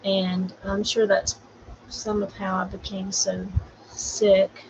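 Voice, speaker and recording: A woman's voice: mid-range voice, level tone, slow, darkish tone. A middle-aged woman from Florida, earnestly talking about grief and encouraging viewers on a casual livestream. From Florida, USA. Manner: earnest, rambling, preachy encouragement. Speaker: vlogger sharing grief. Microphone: borrowed camera, livestream. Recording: slightly dull livestream audio with faint noise.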